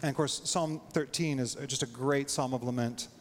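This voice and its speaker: A man preaching a sermon in a casual, animated way, his voice leaping up when he acts out prayers. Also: moderate pace, in a large hall, a little hiss or hum. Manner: animated, voice jumps high when acting out prayers. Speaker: pastor.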